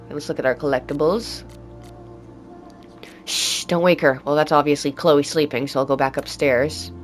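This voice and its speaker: Low-voiced woman chatting through a game. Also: steady tone, moderate pace, soft background music. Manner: chatty, laughs easily, reads game text aloud. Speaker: game streamer. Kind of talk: casual let's-play commentary.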